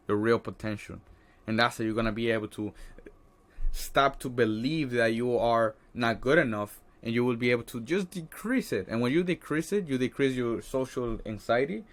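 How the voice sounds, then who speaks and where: Blunt, swearing motivational guy. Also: mid-range voice. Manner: casual and blunt, swears often, keeps asking "right?". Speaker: social anxiety coach. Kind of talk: motivational vlog talk.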